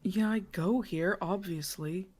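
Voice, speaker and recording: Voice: mid-range voice, slow pace, a little mellow. A player voicing an apathetic college art student who talks in a dismissive, grumbling way during a tabletop role-play. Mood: sullen.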